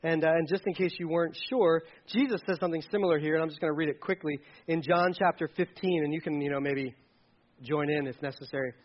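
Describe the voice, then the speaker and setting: A man preaching a sermon as pastor, animated, joking with the congregation and repeating key words for emphasis. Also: a little high, quick pace, lo-fi sound.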